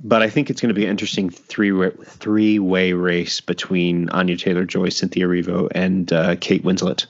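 A man's voice: sits low, little pitch movement, moderate pace, hardly any pauses, highs cut off. A man hosting a podcast in casual chat, laughing often and trailing off into restarts. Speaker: podcast host.

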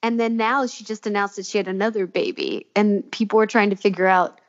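A woman's voice: mid-range voice, steady tone, brisk, dull audio. A woman co-hosting a podcast, chatting in a gossipy, giggly way. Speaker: podcast co-host. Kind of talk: casual chat.

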